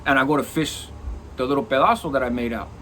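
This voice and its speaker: Animated man telling a prison story. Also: mid-range voice, quick pace, slight background noise. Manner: animated, profane, acts out quoted lines. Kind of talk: casual storytelling.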